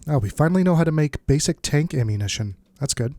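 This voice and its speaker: A man's voice: a little high, lively intonation, quick pace, darkish tone, no echo, clean studio sound. A man with a stuffed-up nose giving casual, think-aloud commentary while playing a strategy game as the channel's host. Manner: thinks aloud, muttering asides. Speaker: let's play host.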